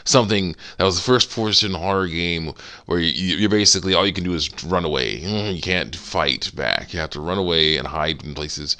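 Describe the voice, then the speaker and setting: Very deep, gravelly man chatting casually. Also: fairly quick, pushed and bright. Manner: rambling, giggly, self-interrupting. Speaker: game modder. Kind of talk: casual commentary while editing a game.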